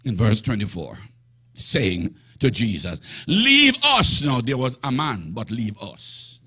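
A man preaching a sermon emphatically, often rising to shouts. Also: fairly low pitch, expressive, measured pace, husky.

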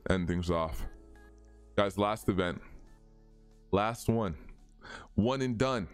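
A man's voice: on the low side, clean tone. A young man streaming a racing game live, chatting casually and answering viewers' chat as he plays.

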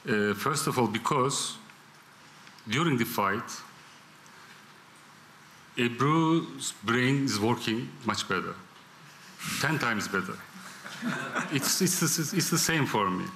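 A man with a Turkish accent answers questions at a press conference on a table microphone. He speaks at a medium pitch, hesitating with many fillers and laughing often. A faint hum of room noise sits behind him. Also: lively intonation, slow, pauses often, sharp tone. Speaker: film director.

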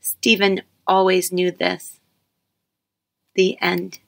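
A woman's voice: on the low side, monotone, drawn-out words, creaky. A woman reading her own first-person story aloud, wry and self-deprecating in her telling.

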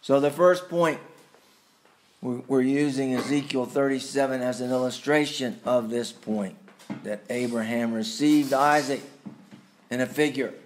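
A man preaching a sermon, slow and deliberate, with sudden emphatic rises and quiet asides. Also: mid-range voice, steady tone, a little hiss or hum. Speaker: pastor.

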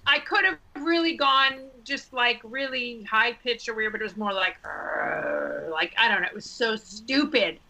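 Bright self-mocking woman telling a story. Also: on the high side, normal speed, hardly any pauses, rough recording. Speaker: podcast guest. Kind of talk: casual anecdote.

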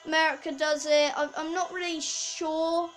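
High-voiced girl rambling apologetically. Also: flat delivery, normal speed, faint music behind, rough recording. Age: preteen girl. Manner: rambling, apologetic, full of fillers. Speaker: channel host. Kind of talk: casual video update. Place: bedroom at home.

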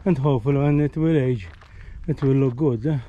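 A hiking vlogger from Malta gives chatty, casual commentary on an outdoor trail, his Maltese-accented phrases often ending in "eh?" as he tires and runs short of breath. He has a mid-range voice and speaks fairly quickly. The recording is muffled with a little hiss or hum.

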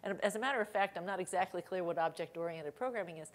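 A middle-aged woman giving a conference keynote, telling lively anecdotes with laughter and acted quotes. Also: fairly low pitch, fast. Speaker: keynote speaker. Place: conference hall stage.

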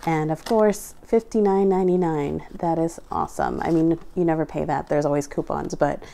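A woman's voice: sits low, moderate pace, gravelly, dark tone. A young adult woman casually narrating an unboxing at home, reading out prices item by item with chatty asides. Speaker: vlogger unboxing a craft store grab bag.

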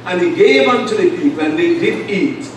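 An Antiguan man preaching with a fairly high voice and emphatic, drawn-out delivery. He sounds set back from the mic in a very echoey church, with faint room noise behind him. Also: animated, recorded from a distance. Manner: emphatic preaching with call-and-response and long pauses. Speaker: pastor. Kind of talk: sermon. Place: church sanctuary.

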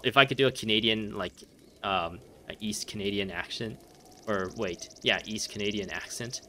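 A man's voice: fairly low pitch, normal speed, sharp tone, a little hiss or hum. A man giving casual let's play commentary, rambling and easily distracted, laughing often as he plays. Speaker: gameplay commentator.

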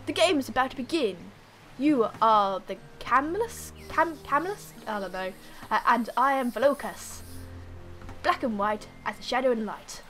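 A woman's voice: fairly high pitch, lively intonation, normal speed, fairly bright tone, faint music behind. A woman voicing an old, mysterious man who challenges a child to a board game, solemn and riddling.

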